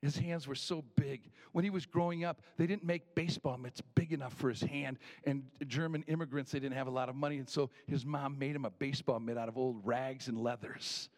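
A man's voice: medium pitch, steady tone. Folksy man telling a family story. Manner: folksy, unhurried, with restarts. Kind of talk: personal storytelling.

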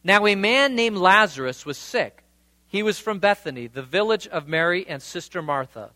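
A man delivers a sermon in a high, bright voice, alternating scripture reading with loose, chatty retellings. The sound is dry and close, with no room around him. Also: lively intonation, normal speed, no room sound. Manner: conversational, retells scripture in casual paraphrase. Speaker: pastor.

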